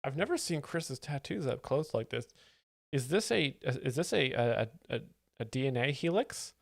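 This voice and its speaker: Deadpan mock-analytical male commentator. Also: medium pitch, normal speed, gravelly, dry recording, clean studio sound. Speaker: joke explainer host.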